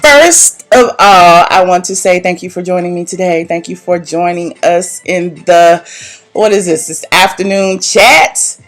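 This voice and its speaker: A woman's voice: on the low side, unhurried, soft background music. A young woman, chatting casually with her viewers as she hosts a gossip live stream. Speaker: vlogger hosting a live gossip chat.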